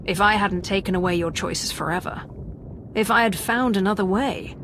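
Apologetic heroine, played by a woman, soft-spoken, sincere, mid-pitched. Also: moderate pace, slight background noise, natural voice. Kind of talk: video game dialogue.

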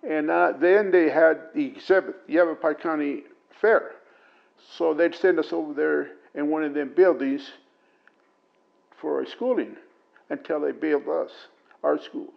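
Older man, interviewee, gravelly and somewhat high, dull lo-fi tape sound, calm storytelling with pauses. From Prescott, Arizona. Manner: plain unhurried storytelling with many pauses and fillers. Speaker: oral history interviewee. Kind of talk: recounting memories.

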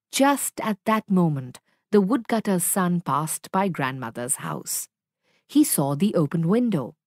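A woman reading a children's story aloud in a slow, clear and expressive narration, recorded on a close mic. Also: mid-range voice, no room sound.

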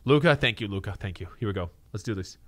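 A male streamer chatting excitedly to his live chat, loud and swearing, reacting and thanking viewers. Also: fairly low pitch, fast, dry recording.

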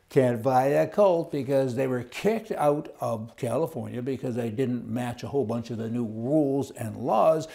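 A man's voice: mid-range voice, moderate pace, gravelly, few pauses, dark tone. A man giving a blunt, rambling, opinionated monologue as a political commentator. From Canada. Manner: blunt, rambling, chuckles at his own points.

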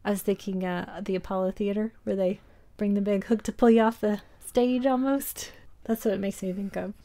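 Woman co-host, mid-pitched, easygoing film-chat voice, walks through scenes step by step. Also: fairly even intonation, moderate pace, dark tone. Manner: recaps scenes in detail, laughs easily. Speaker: podcast co-host. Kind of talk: casual film discussion.

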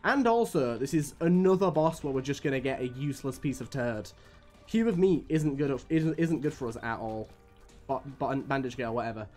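Commentating on his own live-streamed gameplay, a young man from the UK grumbles at the game as his voice climbs high and sinks low. He curses freely and seems worn down by bad luck, his lively delivery at normal speed and slightly mellow, with faint music playing underneath.

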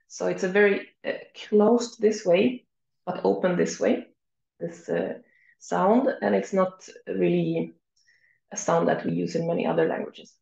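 A woman with a Swedish accent teaches in an unhurried, patient way, holding each vowel long for students to repeat. Her voice is a bit shaky from a cold and has a gravelly edge. She is recorded in an echoey room with slightly dull sound. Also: lowish voice, steady tone. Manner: stretches the vowel sounds she models, soft asides. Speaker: language teacher. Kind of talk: slow, clear teaching with repeat-after-me drills.

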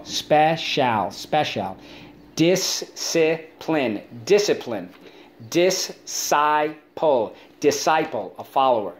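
Call-and-repeat chants drive this man's online spelling lesson for kids, punctuated by playful leaps into high-pitched asides. A little hiss or hum sits under the recording.

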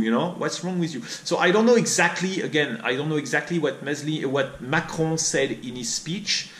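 French-accented man, fairly high voice, rhetorical vlog rant, reverberant room. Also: a bit bright. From France. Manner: repetitive, rhetorical questions, mimics others in high voice. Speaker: vlogger. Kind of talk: opinion monologue. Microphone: studio mic on boom arm.

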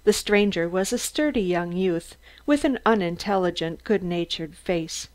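A woman giving steady, measured audiobook narration. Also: lowish voice. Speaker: audiobook reader.

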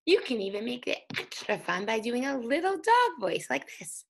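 A woman teaching an early reading lesson, speaking slowly and sounding out letters for young children. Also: on the high side, very animated, vocal fry. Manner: slow, sing-song, sounding out letters.

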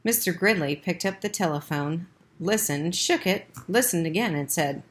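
Low-voiced woman reading a children's book. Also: expressive, moderate pace. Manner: plain reading with small slips. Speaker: audiobook reader. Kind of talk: amateur audiobook narration.

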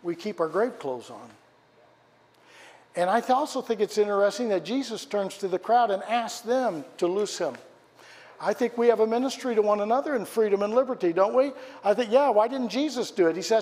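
High-voiced pastor preaching in a reverberant church. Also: male voice, expressive, normal speed. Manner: dramatic storytelling, rising for quoted shouts and dropping low for emphasis; asks questions of the congregation. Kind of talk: sermon. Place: church sanctuary. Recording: church hall with long reverb.

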